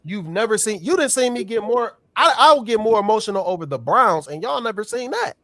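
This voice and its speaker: A man's voice: high-pitched, lively intonation, brisk, pushed and bright, dry recording. A man from Ohio, co-hosting a casual panel show, talking in a blunt, profane, insistent way. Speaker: panel co-host.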